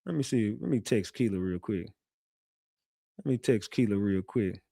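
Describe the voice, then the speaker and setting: A man's voice: lowish voice, normal speed, vocal fry, dark tone, slightly rough, dry recording, studio quality. A man hosting a casual livestream, brash and trash-talking, who laughs often and reacts to chat messages. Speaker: livestream host.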